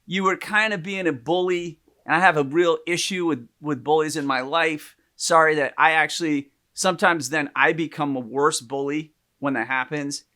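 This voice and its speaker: A man's voice: a little high, normal speed, few pauses. A man co-hosting a podcast, telling a personal story in casual chat and acting out the people he quotes. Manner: animated storyteller, acts out quotes loudly. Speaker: podcast co-host.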